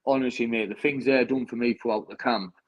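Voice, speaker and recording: A man's voice: medium pitch, steady tone, a little fast, lo-fi sound. A young British man, a bare-knuckle fighter, chatting after a fight with lots of restarts and "mate" in every sentence. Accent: British English. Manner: chatty, says "mate" constantly, rambling restarts. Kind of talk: post-fight interview chat.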